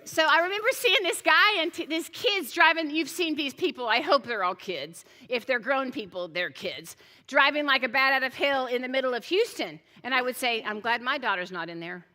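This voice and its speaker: A middle-aged woman pastor preaches in a high, bright, forceful voice. She tells stories in a chatty way, restarting her sentences and slipping in jokey asides. Her voice carries the long reverb of a church hall. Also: moderate pace. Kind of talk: sermon.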